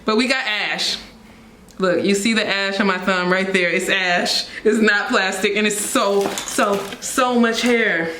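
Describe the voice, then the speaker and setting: A young woman, excitedly unboxing and reviewing a wig, repeating herself and laughing often. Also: mid-range voice, measured pace, roomy sound, slight background noise. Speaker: beauty vlogger reviewing a wig.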